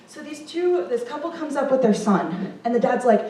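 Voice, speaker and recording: A woman's voice: sits high, animated, moderate pace, dark tone. A young woman telling a comic story on stage, chatty and self-amused, with lots of fillers. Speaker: improv performer. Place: performance room. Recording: very echoey room from far off.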